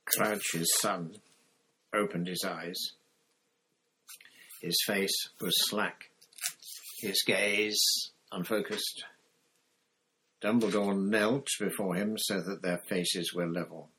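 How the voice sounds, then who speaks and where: A man narrating an audiobook in a measured, even reading style. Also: low voice, a little hiss or hum. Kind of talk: scripted narration.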